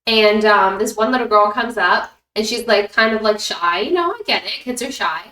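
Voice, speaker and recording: A woman's voice: medium pitch, lively intonation, normal speed, sharp tone. A woman in casual chat, telling stories with many "like" fillers. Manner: chatty, lots of "like" fillers. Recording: echoey room, distant mic.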